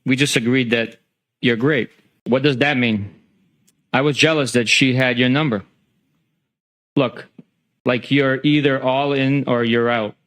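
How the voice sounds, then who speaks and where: A man on the witness stand reads text messages out loud, one after another, in an even and matter-of-fact voice. His pitch sits in an ordinary middle range for a man. Now and then he pauses with a small filler before carrying on. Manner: steady, matter-of-fact reading with occasional filler. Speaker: trial witness. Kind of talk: reading text messages aloud in court testimony. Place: courtroom.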